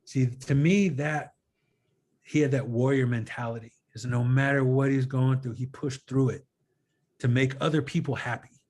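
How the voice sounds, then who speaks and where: A man in a relaxed conversation retells a friend's story, switching into quoted dialogue as he goes. His voice sits at a middle pitch and his delivery is earnest and animated. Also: moderate pace. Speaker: guest filmmaker. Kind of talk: casual storytelling interview.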